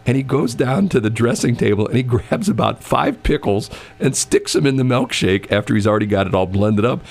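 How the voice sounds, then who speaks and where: This storyteller has a mid-range voice with vocal fry and talks fairly quickly. Chatting casually, he animatedly performs the voices of the characters and laughs a lot.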